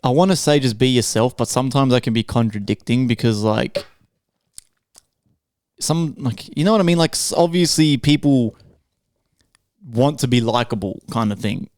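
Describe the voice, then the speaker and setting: A man co-hosting a podcast in a mid-pitched voice. He talks casually and slangily, saying bro and swearing often. The recording is dry and close. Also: moderate pace, long pauses, a little mellow, no room sound. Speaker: podcast co-host. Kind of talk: casual chat.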